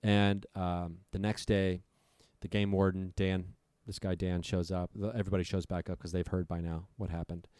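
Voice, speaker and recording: Deep-voiced guy swearing his way through a story on a podcast, dry close mic. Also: level tone, normal speed, hardly any pauses, a little mellow, smooth, no echo. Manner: profane, breathless retelling. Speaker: podcast guest.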